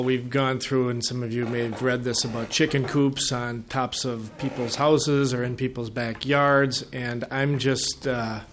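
A man's voice: mid-range voice, a bit bright, slight background noise. Hesitant male witness at a hearing. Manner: hesitant, rambling with fillers. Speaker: association representative testifying. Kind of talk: committee testimony.

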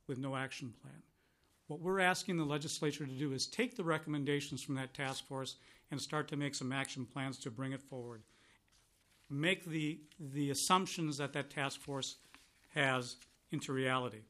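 A man's voice: mid-range voice, a bit bright. A middle-aged man, a county commissioner, giving formal testimony to a legislative committee in an earnest, emphatic way, repeating words for stress. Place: legislative hearing room.

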